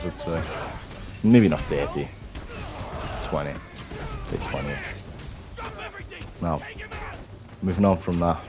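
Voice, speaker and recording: A young man ranting bluntly to camera, swearing often and restarting his sentences. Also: sits low. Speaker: vlogger. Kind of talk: unscripted rant to camera.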